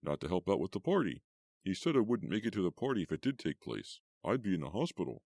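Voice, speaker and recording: A man voicing a nervous teenage boyfriend in an audiobook, speaking a bit higher and louder than his own voice. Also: very animated, quick pace, dry recording, studio quality, exaggerated voice. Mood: worried.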